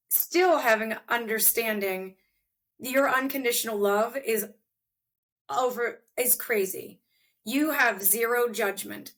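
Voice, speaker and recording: Woman, podcast host, casual chat, high voice, animated, heartfelt, laughing.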